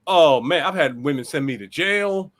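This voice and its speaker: Blunt, lively older man from Philadelphia. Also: fairly high pitch, moderate pace. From Philadelphia, USA. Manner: blunt, profane, emphatic. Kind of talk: heated casual debate.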